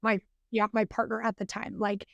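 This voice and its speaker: A woman's voice: mid-range voice, flat delivery, normal speed, creaky, fairly bright tone, no room sound, highs cut off. A young adult woman, a podcast guest, talking in an earnest, chatty way with lots of fillers. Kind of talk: casual podcast interview.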